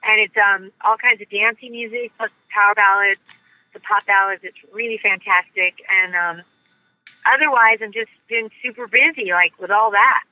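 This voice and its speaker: A woman's voice: medium pitch, moderate pace, no room sound, narrow, tinny audio. A woman who grew up in the United States, a voice actress chatting upbeat and bubbly in an interview. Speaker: voice actress guest. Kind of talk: casual interview chat.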